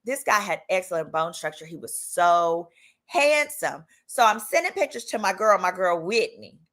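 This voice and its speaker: A woman's voice: fairly low pitch, normal speed. A woman in her thirties casually telling a personal story with sass, acting out other people's lines. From Texas. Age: 30s. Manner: animated, sassy, acts out quotes in different voices. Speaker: legal commentary host.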